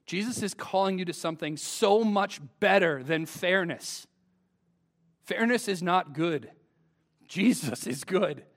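Male preacher, high voice, earnest sermon delivery with emphatic swells. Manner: earnest, rising to emphatic peaks.

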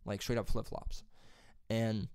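A man's voice: fairly low pitch, little pitch movement, measured pace, darkish tone, clean tone, no room sound, clean studio sound. A young man telling a rambling, profane work story in casual chat. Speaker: plumber's helper telling a story.

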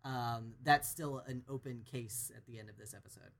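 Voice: mid-range voice, normal speed, vocal fry, a bit bright. A podcast co-host recapping a TV plot in a casual, rambling way with many fillers. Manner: rambling, lots of fillers and restarts.

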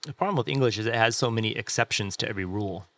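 Low gravelly-voiced man hosting. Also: racing, a bit bright, no room sound. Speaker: host. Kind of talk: casual conversation.

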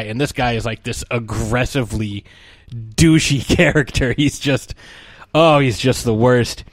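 Man, co-host, casual movie chat, animated retelling, mid-range voice, dry close sound. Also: mid-range voice, moderate pace, no room sound. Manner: animated storytelling with frequent laughs and fillers.

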